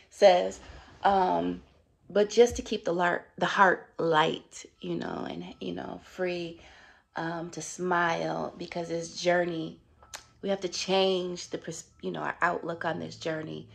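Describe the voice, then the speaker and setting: A woman's voice: lowish voice, creaky. A middle-aged woman vlogging about her juicing journey in a casual, upbeat, chatty way, with many fillers. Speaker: wellness vlogger. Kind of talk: casual motivational vlog.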